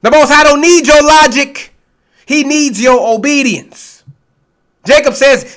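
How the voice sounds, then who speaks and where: This male preacher's street-style sermon comes slowly, in a high and bright voice. He stays confrontational and blunt, cursing without restraint and taunting his critics as he moves between scripture readings.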